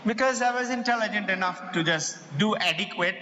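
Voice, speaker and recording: A high-pitched, bright-voiced man with an Indian English accent, speaking to parents as school president. He tells stories with lively acted-out quotes, and his voice rings through a large echoey hall with faint background ambience. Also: brisk, dull audio, slight background noise. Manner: animated storyteller, acts out quoted voices. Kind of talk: motivational talk with personal stories. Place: large hall before an audience.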